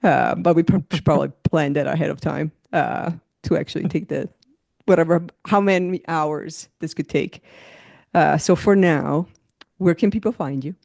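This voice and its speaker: A woman's voice: deep voice, normal speed, gravelly, a little mellow, dry recording, clean studio sound. A woman hosting a podcast, chatting casually and laughing often. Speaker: podcast host.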